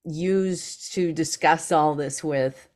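A woman guest on a podcast interview, telling stories in an animated way and acting out other people's lines. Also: low-pitched, slow pace. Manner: animated, acts out others in lively quotes.

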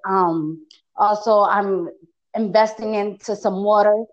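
A woman hosting a podcast, talking in a relaxed, chatty way. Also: mid-range voice, slow, highs cut off. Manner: relaxed, chatty, frequent affirmations. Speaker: podcast host. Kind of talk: casual podcast conversation.

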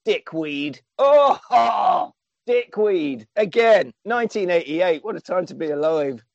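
Animated man recapping a film. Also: high-pitched, unhurried, vocal fry, no echo, muffled recording. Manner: animated storyteller, acting out quotes, swears freely. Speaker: podcast co-host recapping a film. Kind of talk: casual chat.

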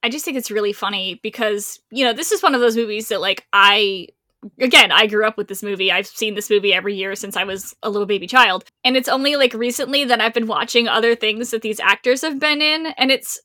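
A woman's voice: on the high side, fairly quick, pushed and bright, dry recording, studio quality. A woman co-hosting a casual film-review podcast, chatty and enthusiastic, often laughing along. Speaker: podcast co-host.

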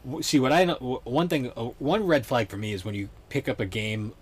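A man's voice: mid-range voice, fairly quick, breathy edge. A young man hosting a podcast in laid-back, rambling casual chat. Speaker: podcast host.

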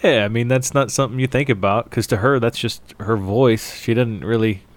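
A man co-hosting a casual podcast, relaxed and dry. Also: medium pitch, fairly quick. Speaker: podcast co-host.

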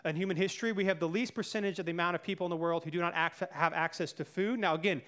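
A man's voice: sits high, steady tone, racing, a bit bright. A man giving a casual, conversational sermon as a pastor, talking through his points with many fillers and asides. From United States.

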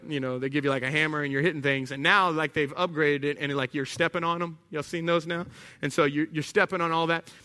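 Male pastor, 30s. Conversational, animated sermon delivery, bright tone. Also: on the high side. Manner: conversational, animated, acts out little scenes.

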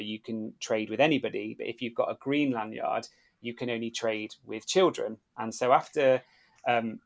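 A man recounts a story in a relaxed podcast chat. His voice sits in an ordinary middle range, and he livens things up by acting out the people in his tales. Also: mid-range voice, creaky. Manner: animated storyteller, acts out quoted voices. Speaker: podcast guest, former theme park worker.

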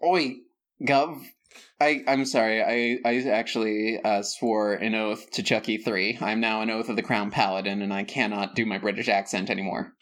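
A man's voice: on the low side, level tone, normal speed, few pauses, fairly bright tone. A man co-hosting a comedy podcast, bantering playfully and jumping into mock-dramatic bits. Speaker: podcast co-host.

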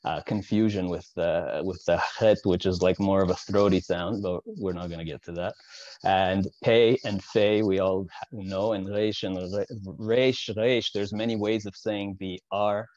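In a deep, steady, unhurried voice with a dark tone, a Soviet-born man teaches through an informal lecture. He explains things while adding asides and often checks in with "right?"; the audio is dry and lo-fi.

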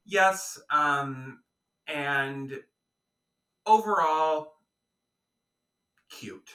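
A man's voice: a little high, drawn-out words, sharp tone, roomy sound, distant mic. A man co-hosting a podcast, chatting casually and jokingly about a film with lots of fillers. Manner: playful, jokey, many fillers. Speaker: podcast co-host. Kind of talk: casual film review chat.

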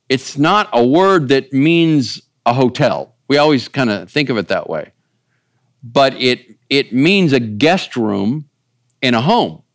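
A man's voice: medium pitch, dry recording, clean studio sound. A man preaching a conversational sermon, folksy and rambling, often turning to ask the listeners if they follow. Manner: folksy, rambling, asks the audience. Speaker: pastor.

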